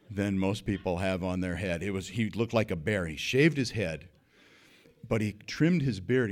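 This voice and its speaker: A man tells a comic story, animated and swinging from loud bursts to hushed asides. His voice sits low with a gravelly fry. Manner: lively, animated telling with big swings in loudness.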